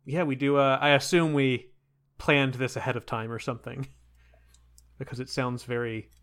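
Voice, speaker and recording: A man at a tabletop game, tossing out quick jokes and casual asides in a bright voice. He talks at an ordinary pitch and pace. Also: level tone, clean tone. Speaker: player.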